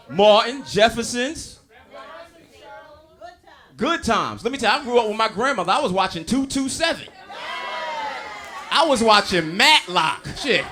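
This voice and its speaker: Male stand-up in his thirties, New York accent, swooping pitch, loud crowd work, live club. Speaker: stand-up comedian. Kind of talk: stand-up comedy set. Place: comedy club stage. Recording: live room with audience. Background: audience laughter.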